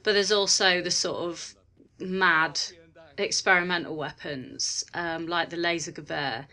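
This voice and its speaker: A woman's voice: fairly low pitch, steady tone, a little slow, bright, forceful tone. A woman reviewing a game in a casual video chat, her voice stuffy and nasal from a cold, talking chattily with lots of fillers.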